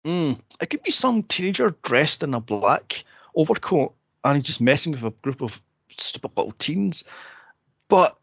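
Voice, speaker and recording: A Scottish man, a podcast co-host, telling a spooky story in casual chat, animated and swearing freely. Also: a little high, normal speed, vocal fry, slightly rough, dry recording, muffled recording. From Scotland.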